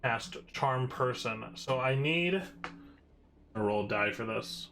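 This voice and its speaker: A man in the game master's chair, narrating combat in a steady, mid-pitched voice. He moves briskly through rolls, damage and rules, plain and businesslike. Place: home setup, online live stream.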